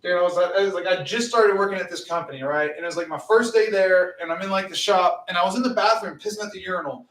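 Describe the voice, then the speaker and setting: A man's voice: high-pitched, fast, few pauses, fairly bright tone, recorded from a distance. A middle-aged man, chatting casually and profanely on a livestream, telling rambling stories. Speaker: livestream host. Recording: roomy, off-mic.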